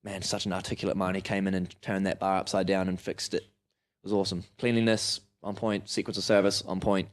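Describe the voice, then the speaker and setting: A man's voice: low-pitched, fairly quick. A young man with a New Zealand accent, hosting a casual podcast chat and acting out the voices in his stories. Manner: animated storyteller, acts out quoted voices. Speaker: podcast host. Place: Melbourne.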